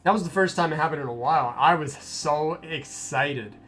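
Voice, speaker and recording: A man's voice: a little high, moderate pace, fairly bright tone. A young man streaming a game, telling a rambling story in a casual way, with restarts and swearing. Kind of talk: casual gameplay stream chat. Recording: stream with faint game music.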